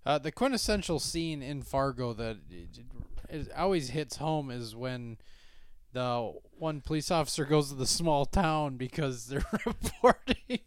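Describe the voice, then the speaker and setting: A man in his thirties co-hosting a casual podcast, blunt and quick to swear, with a lively storytelling manner. His voice is smooth and clear, pitched in an ordinary middle range. The recording is dry and close. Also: no echo. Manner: blunt, profane, animated storytelling. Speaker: podcast co-host. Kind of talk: casual chat.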